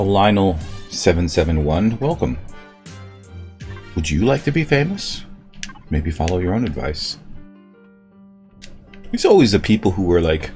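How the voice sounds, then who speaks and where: A man's voice: sits low, darkish tone. A man casually commenting while streaming a game, chatty and joking as he reacts to the action.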